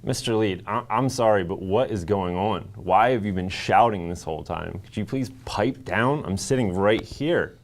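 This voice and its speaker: A man's voice: fairly low pitch, moderate pace. A teenage male student news co-anchor playing the polite, exasperated straight man in scripted banter.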